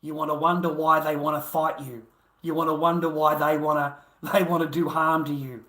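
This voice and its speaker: A man's voice: on the high side, little pitch movement, normal speed, sharp tone, echoey room. An Australian man livestreaming an angry, profane, combative rant at his viewers.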